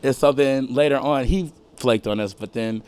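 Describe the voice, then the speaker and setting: A middle-aged man from St. Louis sits in for a loose interview chat, his voice sitting at an ordinary middle pitch. He is a music producer spinning long anecdotes. He keeps things animated, swears freely and slips into the voices of people in his stories. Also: moderate pace, clean tone. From St. Louis, USA. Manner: animated storyteller who acts out quotes, swears freely. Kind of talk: casual storytelling interview.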